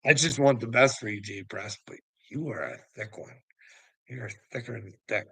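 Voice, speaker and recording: A man's voice: lowish voice, moderate pace, gravelly, bright, forceful tone, husky, no room sound, poor audio. A man rambling to viewers, laughing constantly, swearing and taunting someone.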